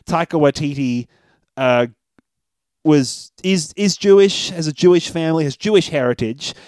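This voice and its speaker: A man's voice: on the high side, moderate pace, darkish tone, no room sound, clean studio sound. A man co-hosting a casual film review podcast, chatty, laughing often and swearing casually. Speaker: podcast co-host.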